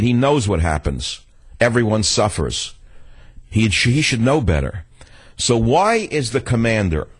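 A man hosting a talk radio show, delivering an indignant, combative monologue with sudden leaps in pitch. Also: breathy edge.

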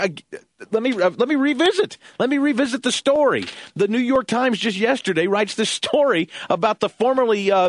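A man's voice: fairly high pitch, no room sound, clean studio sound. A man filling in as a radio talk show host, ranting with fiery sarcasm about politics and the media.

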